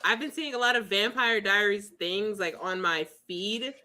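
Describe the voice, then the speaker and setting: A woman's voice: mid-range voice, normal speed, pushed and bright. A woman co-hosting a casual chat, giggly and enthusiastic. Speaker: co-host.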